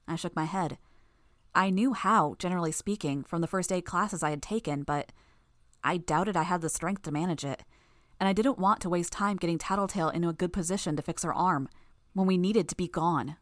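Female audiobook narrator, lower register, dry close sound, steady first-person read. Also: a little fast, no echo.

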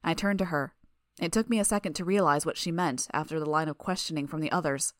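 A woman narrating a first-person fiction audiobook in a steady, even way. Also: deep voice, fast talker, no echo, studio quality.

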